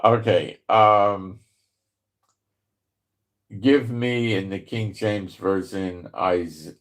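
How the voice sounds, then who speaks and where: A man with a New York accent giving casual Bible prophecy commentary, rambling a little, chuckling often and reading verses slowly and deliberately. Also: lowish voice, steady tone. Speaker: Bible prophecy channel host. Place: home in Israel.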